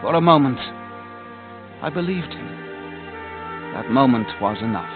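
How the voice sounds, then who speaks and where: A man reads a storybook aloud in a dramatic, lively voice that falls to a hush at the quiet moments. Clear music plays behind him, and the recording is thin and tinny like an old tape. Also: mid-range voice, a little slow. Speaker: narrator. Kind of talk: cassette audiobook reading.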